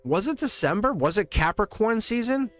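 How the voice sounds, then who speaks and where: A man's voice: high-pitched, big pitch swings, normal speed, a bit bright, faint music behind. A middle-aged man with a Boston accent doing a chatty, giggly live tarot reading and talking straight to viewers. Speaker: tarot reader.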